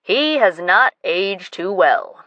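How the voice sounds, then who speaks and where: A brash, teasing young woman in an audiobook scene, as a female narrator voices her. She talks bluntly at a middling pitch, recorded dry and close. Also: expressive, slow, fairly bright tone, dry recording, muffled recording.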